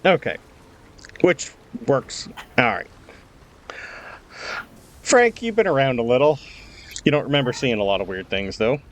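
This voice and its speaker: A man running a tabletop game, narrating and explaining rules at a slow, unhurried pace. His pitch sits in the middle, and he talks in a relaxed way with some fillers. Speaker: game master.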